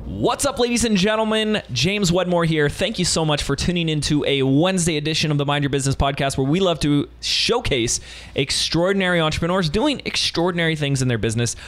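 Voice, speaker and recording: A man's voice: a little high, fast talker, fairly bright tone. A man hosting a business podcast from a studio, talking in an enthusiastic, emphatic and playful way. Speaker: podcast host. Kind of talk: upbeat podcast interview.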